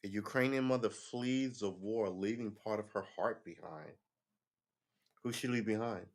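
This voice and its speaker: A man's voice: lowish voice, normal speed. A man reads news headlines aloud on a casual live stream and adds sarcastic, offhand comments as he thinks aloud.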